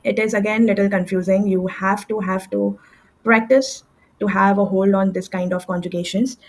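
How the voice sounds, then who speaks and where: A woman tutoring French, explaining verb endings step by step with fillers and quick self-corrections, at a desk with a computer mic. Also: mid-range voice, fairly even intonation, poor audio. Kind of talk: screen-share language lesson.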